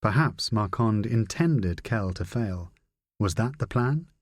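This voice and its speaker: A man reading a spy novel aloud in a measured, dry narration. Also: lowish voice, animated, slightly rough, dry recording. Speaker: audiobook narrator. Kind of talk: scripted narration.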